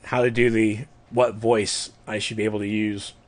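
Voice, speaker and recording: A man's voice: fairly low pitch, flat delivery, normal speed. A man hosting a podcast in casual chat, playful and laughing often. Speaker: podcast host.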